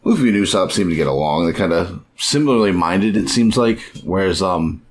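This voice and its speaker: A man with a very low voice chats casually as a podcast co-host. He rambles in an easygoing way, trailing off and restarting, and slips into little acted quotes. Faint room ambience sits under him. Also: expressive, brisk, slight background noise.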